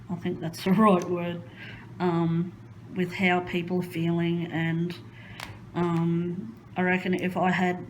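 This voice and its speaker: A woman's voice: lowish voice, slight background noise, poor audio. A woman chatting casually while crafting at home, rambling and hesitant with many ums. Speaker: crafting vlogger.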